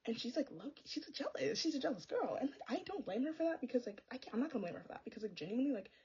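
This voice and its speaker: Sassy fast-talking young woman. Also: high voice, very animated, mellow, breathy edge, muffled recording. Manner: sassy, exasperated, fillers of "like". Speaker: book vlogger. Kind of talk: casual chatty book review.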